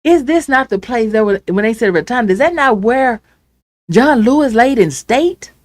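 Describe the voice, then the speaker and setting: A woman hosting her own show, delivering an angry, impassioned political rant that swings from loud outbursts to hushed pleading. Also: a little high, animated, moderate pace, no room sound, studio quality. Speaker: show host.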